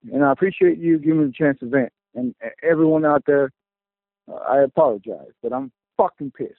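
A man's voice: on the high side, dry recording. Angry male caller, profane rant, thin phone sound, dry. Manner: furious, profane, fast venting. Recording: tinny phone line.

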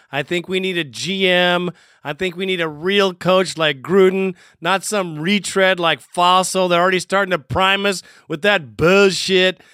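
A man's voice: sits high, bright, forceful tone, clean tone, no echo, clean studio sound. A man hosting a fan podcast, who answers callers in a blunt, mocking way and swears freely. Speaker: podcast host. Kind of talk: casual podcast chat.

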